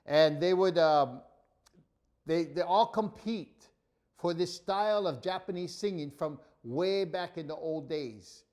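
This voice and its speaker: Animated Hawaiian comic storyteller, high voice. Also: male voice, slow pace. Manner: animated storyteller, pidgin-flavored phrasing. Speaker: comedian.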